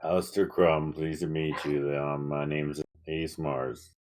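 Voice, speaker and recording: A man's voice: extremely low pitch, level tone, slow, a little mellow. A man playing in a tabletop role-play, with a dry, laid-back in-character delivery. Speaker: player.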